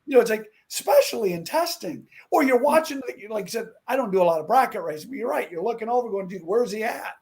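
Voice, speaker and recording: A middle-aged man, a former stuntman and drag racer, chatting as a talk-show guest and telling animated stories. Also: sits high, fast talker, few pauses. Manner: animated storyteller who acts out quotes. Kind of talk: casual talk-show chat.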